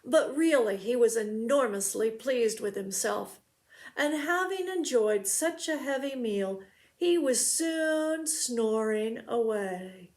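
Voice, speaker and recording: A children's librarian reading a storybook aloud, her voice high and bright. She narrates slowly and expressively and gives every line room. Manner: slow and expressive.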